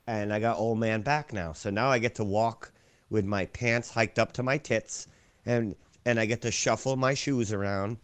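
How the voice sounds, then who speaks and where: A man's voice: fairly low pitch, normal speed, clean tone. A man co-hosting a casual podcast, swearing constantly as he rants. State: sore back. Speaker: podcast co-host. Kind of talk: casual profane banter.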